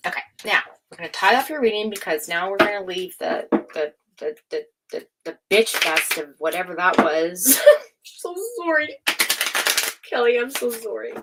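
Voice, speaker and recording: A woman giving a casual livestream tarot reading, excitable, swearing freely and laughing often. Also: medium pitch, moderate pace, very noisy. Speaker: tarot reader.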